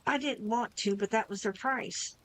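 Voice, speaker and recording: A woman's voice: on the high side, moderate pace, fairly bright tone, pitched above the performer's own voice, natural voice, rough recording. A woman reading aloud, voicing a panicked, cowardly young male changeling who whines and pleads. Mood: pleading. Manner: pleading, whiny.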